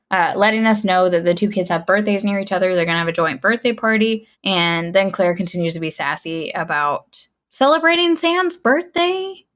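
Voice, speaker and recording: A woman's voice: medium pitch, normal speed, few pauses. Chatty woman recapping a film. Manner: animated storyteller, acts out quoted lines; laughs often. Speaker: podcast co-host. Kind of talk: casual chat recapping a film.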